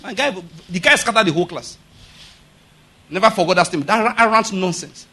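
Male preacher, high and bright, emphatic, keeps questioning the congregation. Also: expressive, a little fast, pauses often. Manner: emphatic, rhetorical questions to the audience. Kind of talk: sermon.

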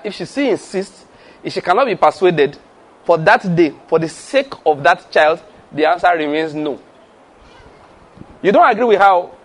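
A man preaching a sermon as a pastor, emphatic and full of rhetorical questions, breaking into laughter as he makes his points. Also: on the high side.

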